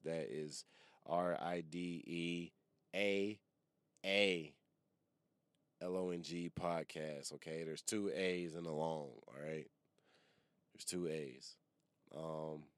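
Podcast host, man, very low voice, loose and casual, lots of ums. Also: clear, resonant tone, dry recording. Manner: relaxed, loose, swears casually, trails off with ums.

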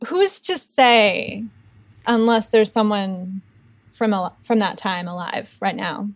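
A woman's voice: mid-range voice, slow, dry recording. A woman co-hosting a podcast, telling a ghost story in a chatty, joking way. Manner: chatty, filler-heavy, joking asides. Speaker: podcast co-host.

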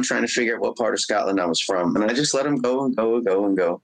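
A man from Indianapolis, a guest on an interview, telling animated stories with frequent laughs and dipping into a Scottish brogue. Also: on the low side, quick pace, creaky, poor audio. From Indianapolis, USA. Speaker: guest musician and actor. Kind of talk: casual interview chat.

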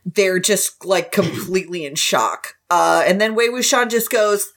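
A woman's voice: medium pitch, measured pace, noisy background. A woman co-hosting a podcast, narrating story events step by step in casual chat. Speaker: podcast co-host.

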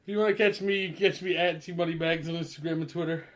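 A man's voice: fairly high pitch, fast talker. A man co-hosting a podcast, joking around in casual chat with lots of laughter and swearing. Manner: laughing, profane, animated banter. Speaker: podcast co-host.

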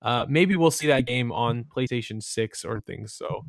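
A man's voice: medium pitch, normal speed. A man hosting a casual gaming podcast, laid-back and slangy. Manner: laid-back, slangy, says "bro" and "dude". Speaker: podcast host. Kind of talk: casual chat.

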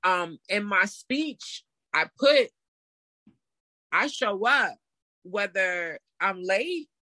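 A woman in her thirties telling a story in a casual interview, animated and laughing as she acts out what people said. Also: medium pitch, very slow, dry recording. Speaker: interview guest.

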